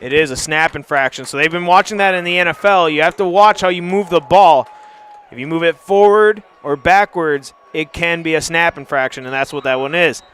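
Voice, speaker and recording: A man calling a live high school football game play by play, brisk and chatty, surging to shouts on big plays. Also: clean tone. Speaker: play-by-play announcer.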